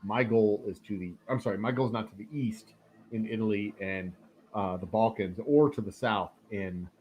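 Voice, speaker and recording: A man's voice: lowish voice, a little hiss or hum. A man hosting a live stream of a strategy game, chatting casually, rambling through jokey asides and the odd swear. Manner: rambling, joking asides, frequent fillers. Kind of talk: casual live gameplay commentary. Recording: dull lo-fi sound.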